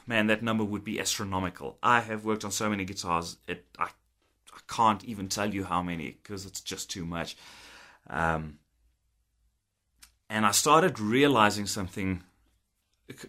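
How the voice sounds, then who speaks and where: Man, thirties, guitar tech, casual storytelling vlog, chatty, bright forceful tone, laughs a lot. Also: on the low side. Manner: chatty, laughs often, acts out old conversations. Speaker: guitar technician.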